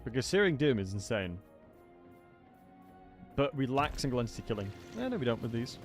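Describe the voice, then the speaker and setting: A man's voice: medium pitch, very animated, fairly quick, soft background music. A man with a non-southern English accent chats casually on a live game stream, greeting viewers by name between bursts of commentary. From England. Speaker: gaming livestreamer.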